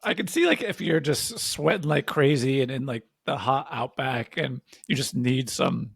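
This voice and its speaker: A man's voice: mid-range voice, lively intonation, moderate pace, gravelly, husky, no echo. A man co-hosting a podcast in casual chat, joking and laughing often into a close mic. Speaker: podcast co-host.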